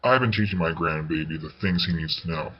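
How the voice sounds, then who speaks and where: A man reading a storybook voices a kind old grandmother who speaks calmly and gently. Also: deep voice, a little fast, dull audio, lightly acted. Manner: calm, gentle, soothing. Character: kindly old grandmother who does conjuring.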